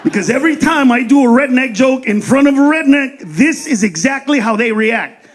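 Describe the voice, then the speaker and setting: A man doing stand-up comedy on stage into a handheld mic, loud, profane and punchy. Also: very high voice, lively intonation, moderate pace, a little hiss or hum.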